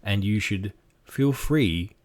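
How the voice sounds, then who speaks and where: Guy with a lowish voice talking through game master tips, relaxed and a bit wry. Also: slow. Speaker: game master giving advice. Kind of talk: casual tutorial talk.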